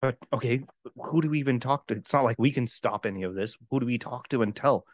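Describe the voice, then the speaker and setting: A man's voice: mid-range voice, fast, dry recording. A man playing a tabletop game, talking in a hesitant, rambling way. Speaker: player. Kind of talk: casual tabletop game play.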